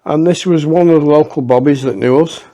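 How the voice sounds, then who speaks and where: A man's voice: a little high, fairly quick, warm tone. A man telling a rambling, profane anecdote in a casual way, with many restarts. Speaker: storyteller.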